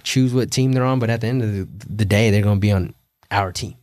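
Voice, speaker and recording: Emotional young man, low voice, swearing freely. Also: quick pace, a little mellow, no echo, clean studio sound. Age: young adult. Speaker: podcast guest. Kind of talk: casual podcast conversation.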